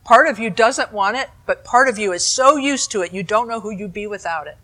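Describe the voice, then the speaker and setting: A woman meditation teacher giving a dharma talk, explaining in a calm, conversational way with asides to her listeners. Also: medium pitch, fairly quick.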